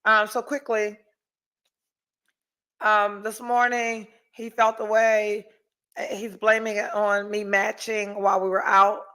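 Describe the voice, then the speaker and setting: A woman's voice: medium pitch, takes it slowly. Blunt, profane woman podcast host. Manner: blunt, profane, animated storytelling. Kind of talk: casual chat, reading live comments.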